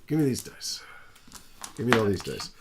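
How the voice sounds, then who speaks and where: Lively man thinking aloud over a game. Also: lowish voice, normal speed, background noise. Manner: thinks aloud while playing, playful. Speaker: board game show host. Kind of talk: casual board game play-through.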